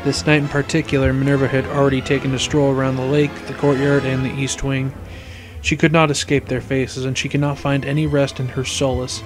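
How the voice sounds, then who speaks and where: A man reading a fan fiction story aloud in measured storytelling narration. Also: mid-range voice, level tone, over music. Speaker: story reader.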